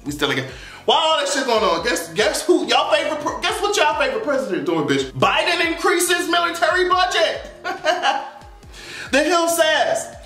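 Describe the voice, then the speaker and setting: A man's voice: very high-pitched, normal speed, roomy sound, soft background music. A young man hosting a podcast, reading news aloud with frequent laughter and profanity. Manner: laughs often, profane and animated, reads headlines aloud. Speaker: podcast host. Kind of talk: casual commentary on news.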